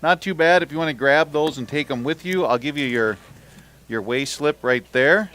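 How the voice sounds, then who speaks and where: A man with a slightly high, somewhat bright voice speaks at a moderate pace. He's emceeing a fishing tournament weigh-in live, calling out weights and ribbing the anglers in a cheerful, joking manner.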